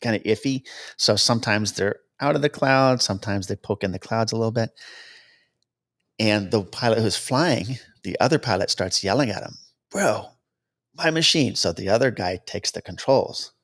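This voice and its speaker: A man, a helicopter cameraman guest, telling stories casually and acting out the dialogue he quotes. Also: normal speed. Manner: anecdotal, acts out quoted dialogue with lively pitch jumps. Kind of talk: casual storytelling interview.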